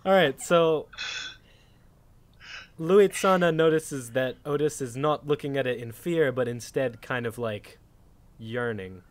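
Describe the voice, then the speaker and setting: A man's voice: medium pitch, a little slow, long pauses. A man running a tabletop game as game master, easygoing and patiently guiding the players.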